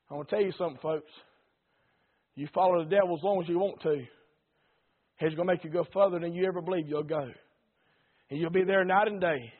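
A man preaching a sermon, swinging between loud passion and hushed warnings. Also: very high-pitched. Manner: impassioned preaching that rises and drops sharply in volume. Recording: tinny phone-like sound.

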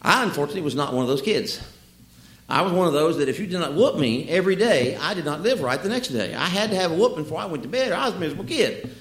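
A man preaching a sermon with folksy, humorous storytelling and lively asides. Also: a little high, racing. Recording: echoey room.

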